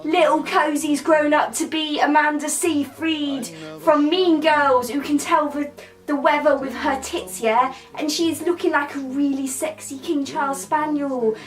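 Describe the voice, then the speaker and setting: A woman's voice: sits high, fairly even intonation, unhurried, soft background music. A woman, giving a rambling, crude, irreverent comic recap of a film. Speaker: comedic film reviewer.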